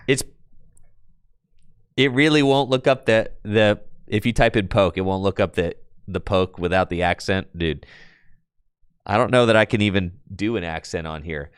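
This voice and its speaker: A man streaming a card game on his computer, chatting casually and excitably with his viewers in slang, with bursts of laughter. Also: lowish voice, moderate pace, clean tone, no echo, studio quality. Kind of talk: casual live-stream chat while playing a card game.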